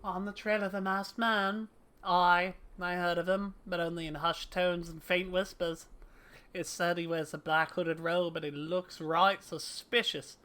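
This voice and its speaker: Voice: medium pitch, level tone, measured pace, sharp tone, clear, resonant tone. A streamer voicing a gossipy merchant in an invented, made-up accent while reading game dialogue aloud.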